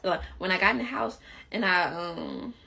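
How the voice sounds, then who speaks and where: A young woman from Chicago telling a casual storytime on her phone camera while doing her makeup, chatty and animated, full of "like". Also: lowish voice, normal speed, gravelly, slight background noise. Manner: animated, chatty, peppered with "like" and laughter. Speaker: vlogger.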